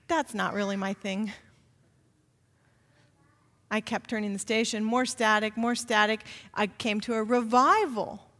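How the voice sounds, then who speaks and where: Woman preacher; storytelling sermon, quiet asides building to forceful emphasis; reverberant hall. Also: on the high side.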